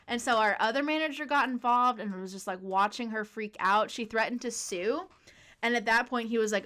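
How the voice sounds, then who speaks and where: A young woman chatting casually on a podcast, telling a workplace story in an animated way, laughing often. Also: mid-range voice, quick pace. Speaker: podcast co-host.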